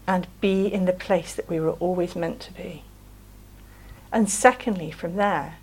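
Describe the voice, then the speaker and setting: Lady preaching a sermon, soft and chatty, keeps asking "isn't it". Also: mid-range voice, low-quality recording. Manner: gentle, conversational, uses tag questions.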